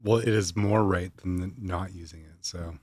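A man's voice: deep voice, fairly even intonation, moderate pace, darkish tone, breathy edge, no room sound. A man co-hosting a podcast with his wife, chatting casually in a dry, teasing, nitpicky way. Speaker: co-host, host's husband. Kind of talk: casual chat.

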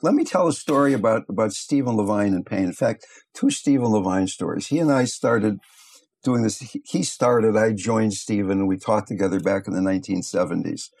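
An older man, a meditation teacher, giving a gentle, thoughtful talk and telling stories along the way. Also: fairly low pitch, fairly quick, slightly rough. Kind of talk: reflective talk with storytelling.

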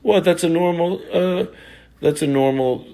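A man's voice: a little high, a little slow, vocal fry, warm tone. A middle-aged man, a stand-up comedian hosting a podcast, riffing in a sarcastic, joking way with repeated bits. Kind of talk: casual comedic podcast banter.

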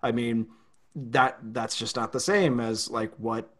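A man co-hosting a sports podcast, talking in a relaxed, dry, joking way. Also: mid-range voice, slow. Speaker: podcast host. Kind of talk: casual sports podcast chat.

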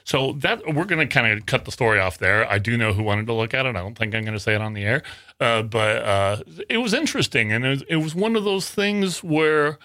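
A man from Wyoming tells a story to a podcast host as a guest author. His voice is bright and forward, and the sound is close and dry. He rambles, restarting his sentences often. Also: medium pitch, lively intonation, brisk, dry recording. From Wyoming, USA. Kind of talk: casual podcast interview.

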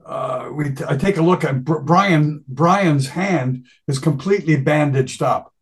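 An older man, a guest musician, telling stories from the road in a casual, animated way and acting out voices. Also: fairly high pitch, a little slow. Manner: animated, laughing, acts out voices in quotes. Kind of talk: casual storytelling.

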